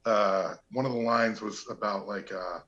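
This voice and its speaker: A man's voice: lowish voice, unhurried. Man telling stories in a dull lo-fi recording. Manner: relaxed anecdotal, acts out quotes. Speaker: actor, interview guest. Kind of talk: casual interview storytelling.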